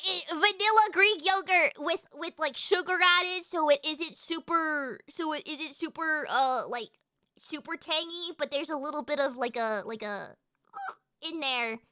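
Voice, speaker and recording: A woman streamer chatting casually with her live chat, excitable and swearing freely, with lots of fillers and restarts. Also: sits high, dry recording, studio quality.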